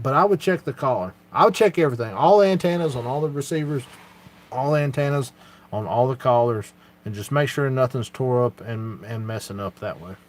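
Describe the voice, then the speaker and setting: A man hosting a casual live Q&A, in a voice of middling pitch. He talks in an earnest, down-to-earth way, pausing on fillers as he goes. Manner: earnest, plain-spoken, with many fillers. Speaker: channel host answering viewer questions.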